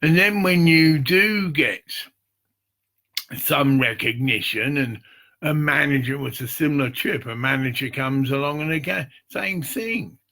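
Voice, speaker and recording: A man giving a rambling, informal pitch for a charity promotion project, swearing freely and checking in with "see?" and "get it?". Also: a little slow, pushed and bright. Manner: meandering, profane, repeats "see" and "get it".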